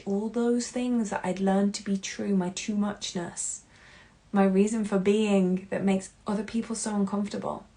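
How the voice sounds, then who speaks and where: A woman hosting a solo podcast, talking in an earnest, heartfelt way that swings between loud and hushed. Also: mid-range voice, fairly even intonation, normal speed. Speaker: podcast host.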